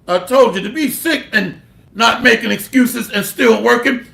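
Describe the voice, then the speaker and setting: A man preaches slowly in a very high, gravelly voice with a forceful edge, reading scripture and mixing it with blunt slang and cursing. The room around him is echoey. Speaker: bible teacher. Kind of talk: street-style sermon with scripture reading.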